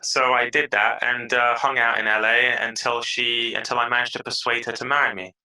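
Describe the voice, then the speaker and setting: Energetic British male guest, bright voice, mid pitch, chatty and animated. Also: a little fast, rough recording. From England (London). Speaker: podcast guest. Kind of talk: casual interview chat.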